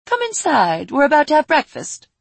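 A woman's voice: high-pitched, huge pitch swings, moderate pace, gravelly, dry recording, voice pushed up, full character voice. A woman voicing a gracious queen who welcomes a guest. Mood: welcoming. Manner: warm, hospitable.

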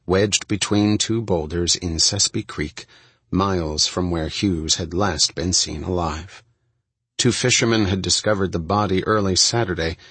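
A man narrating a first-person true-crime audiobook in a steady, measured reading. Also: deep voice, slightly rough, no echo.

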